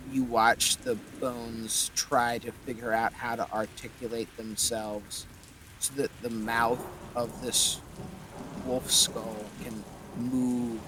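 Man, game master, slow descriptive narration, rain noise behind. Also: medium pitch. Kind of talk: narrating a tabletop horror game.

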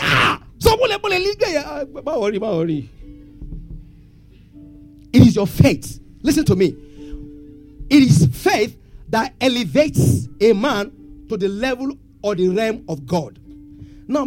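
In a sermon, a pastor asks his congregation questions and they answer back in call and response. His voice is high-pitched and warm.

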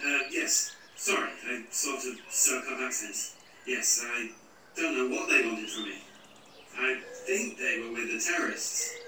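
A man's voice: medium pitch, lightly acted. A man playing a nervous young man who rambles through excuses to the police. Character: young man claiming he was kidnapped. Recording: distant echoey room with noise.

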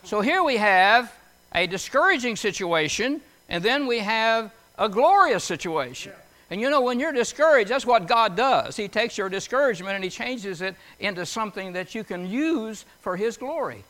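A man's voice: high voice, animated, moderate pace, pushed and bright. A man preaching a folksy sermon, reading scripture and telling homely stories, often putting questions to his listeners in a conversational way.

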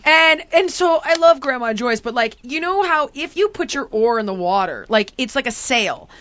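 Animated high-voiced woman telling a story. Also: normal speed, dry recording. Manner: dramatic, laughing, shrieks when quoting herself. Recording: dull lo-fi audio with background noise.

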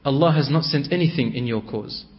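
A man voicing a gentle, caring male leader who speaks softly and consolingly, on a dull recording. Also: fairly quick, lightly acted. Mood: tender. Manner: soft and low, consoling.

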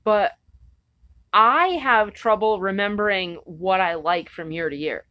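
Woman, casual podcast co-host, rambling, irreverent, salty language, mid-pitched voice. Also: steady tone, unhurried, muffled recording. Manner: rambling and irreverent, swears freely. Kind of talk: casual chat.

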